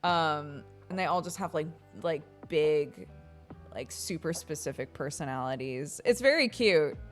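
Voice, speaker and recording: A woman's voice: sits low, expressive, a little slow, faint music behind. An American woman in her thirties, a streamer chatting casually and telling stories with lots of laughter, acting out the voices of people she quotes. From United States. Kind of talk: casual chat.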